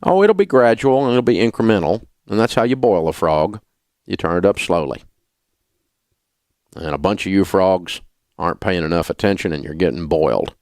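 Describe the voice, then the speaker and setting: A man's voice: low-pitched, animated, moderate pace, darkish tone, dry recording, studio quality. A middle-aged man hosting a talk radio show, ranting in an indignant, sarcastic way. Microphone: studio mic.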